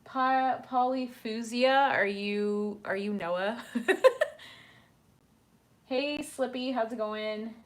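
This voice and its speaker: A woman's voice: a little high, extremely slow. A woman hosting a casual livestream from her apartment, chatting with viewers and reading their comments aloud with lots of ums. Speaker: livestream host.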